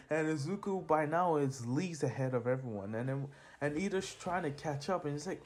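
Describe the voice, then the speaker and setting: A man's voice: fairly high pitch, brisk, hardly any pauses. A teenage boy narrating a fan-made superhero story in a casual, rambling way with laughing asides and slang.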